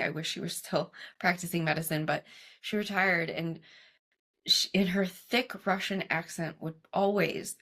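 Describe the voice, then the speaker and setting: A woman with a lowish, gravelly voice tells her story in a casual interview. She talks animatedly, sprinkles in "like" and quick asides, and acts out her own past conversations. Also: fairly bright tone. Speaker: guest, cancer coach.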